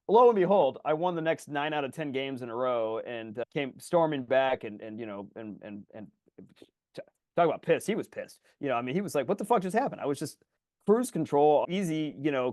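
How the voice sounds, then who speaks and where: A man co-hosting a podcast in casual chat, telling animated stories and swearing freely as he acts out his own frustrated yelling. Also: fairly high pitch, fairly quick, no echo, studio quality. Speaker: podcast co-host.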